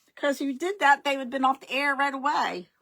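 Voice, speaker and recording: A woman's voice: sits high, fast, creaky, pushed and bright. A middle-aged woman hosting a casual live craft stream, rambling and chatty, often losing her words and greeting her viewers.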